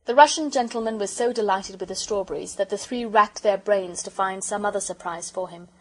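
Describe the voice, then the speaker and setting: A woman reads a children's audiobook aloud, gentle and measured in her telling. Her voice is husky and breathy, sitting at an ordinary middle pitch. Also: poor audio. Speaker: audiobook narrator.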